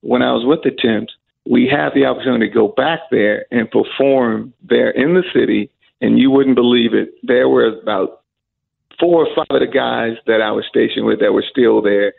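A middle-aged man, a singer, telling an animated story in an interview and acting out the voices of the people in it. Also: mid-range voice, normal speed, vocal fry. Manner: animated storyteller who acts out quoted voices. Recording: phone-like narrow audio.

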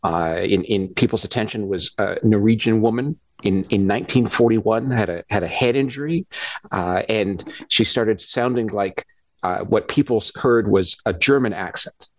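A man speaking as a guest scientist in a radio interview, explaining ideas in a halting way with frequent restarts and repeated words. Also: fairly low pitch, no room sound. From Canada.

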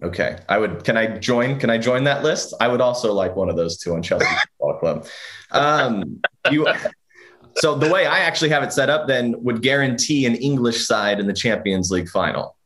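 A man hosting a sports talk segment in loose, casual chat. He teases, laughs often and talks along freely. His voice sits in an ordinary middle pitch. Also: lively intonation, moderate pace, a bit bright. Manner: laughs often, teasing, chatty.

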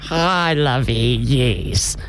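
A flirty, breathless fifty-something woman, as a man puts her on, talking slowly and sweetly. She sounds winded and suggestive, with a touch of noise behind her. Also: mid-range voice, a bit bright. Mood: sweetly pushy. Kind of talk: prank call role-play.

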